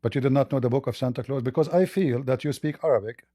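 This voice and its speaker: A man with a very dark, mellow voice hosts a live call-in debate. He talks haltingly, restarting and repeating words as he presses his caller with blunt questions. The sound is dry and close. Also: mid-range voice, dry recording. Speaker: debate host.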